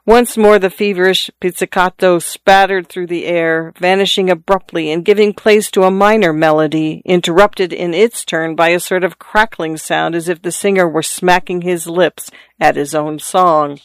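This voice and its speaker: A narrator reading a classic story aloud in a measured, even manner. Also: mid-range voice, clean tone, no echo.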